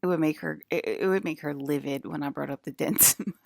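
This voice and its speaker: A woman's voice: sits low, fast, gravelly, a little mellow, no room sound, studio quality. A young woman streaming to her chat, rambling casually, giggling often and restarting her sentences with lots of fillers. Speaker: livestreamer talking to chat.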